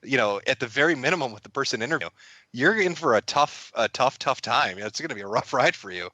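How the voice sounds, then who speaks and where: A man's voice: medium pitch, animated, quick pace, sharp tone, no echo. An American man from the United States, a guest on a casual podcast interview, talking with wry joking asides.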